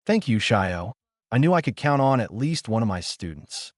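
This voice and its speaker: A man's voice: mid-range voice, very animated, normal speed, no room sound, clean studio sound, close to an everyday voice. A man voicing a jaded adult ninja teacher who growls and broods, in a storybook reading. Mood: snappish.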